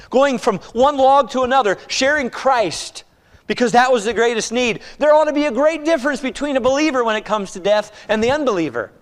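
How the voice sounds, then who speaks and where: A high-pitched male pastor preaches in a church, pressing his listeners with question after question. He rises to loud urging, then drops to a near hush. The sound rings with a long hall reverb. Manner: rhetorical questions, swings from loud urging to hushed. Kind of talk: sermon.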